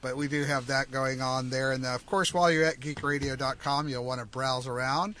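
A man's voice: mid-range voice, fairly even intonation, a little fast, bright, forceful tone, slight background noise. A man hosting a casual radio talk show from a studio, joking and rambling as he goes. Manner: joking, rambling, often laughing.

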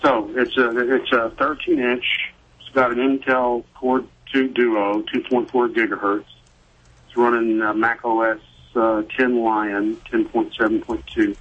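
Husky middle-aged caller, halting speech, dull phone-line sound. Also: male voice, medium pitch, flat delivery. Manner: halting, with many fillers and restarts. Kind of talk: call-in question on a radio show.

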